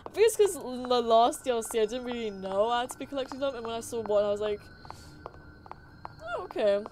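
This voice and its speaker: A woman's voice: a little high, expressive, fast talker, dark tone, slight background noise. A woman streamer thinking aloud and swearing casually as she plays a game live, with game music behind her. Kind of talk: live gameplay commentary.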